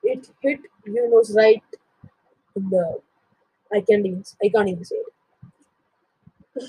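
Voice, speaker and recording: A teenage boy retells an old myth at an unhurried pace, breaking off for jokes and correcting himself. His voice is light, high and breathy, and the recording is dry and close. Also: expressive, darkish tone, no echo, low-quality recording. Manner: jokey asides, self-corrections. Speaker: storyteller.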